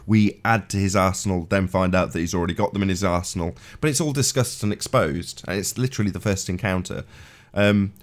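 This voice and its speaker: A man in casual online chat, animated and stammering as he gets excited. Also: low-pitched, quick pace, few pauses. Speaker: panelist on a live debate stream.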